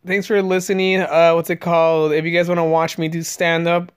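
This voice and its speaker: A man's voice: a little high, little pitch movement, brisk, clear, resonant tone. A man hosting a podcast and doing stand-up, chatting casually, joking, loose and profane. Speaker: podcast host and stand-up comedian.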